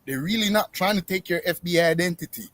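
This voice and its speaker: A man rebutting forcefully point by point in a heated streamed debate. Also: high-pitched, fast talker, no echo.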